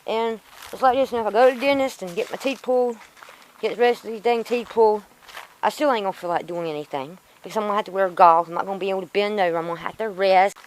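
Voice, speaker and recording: A woman's voice: mid-range voice, fast, slight background noise, rough recording. A woman rambling casually to her vlog camera, frustrated and in pain from a sore tooth. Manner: rambling, frustrated, self-talking. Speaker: vlogger. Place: outdoors in a yard.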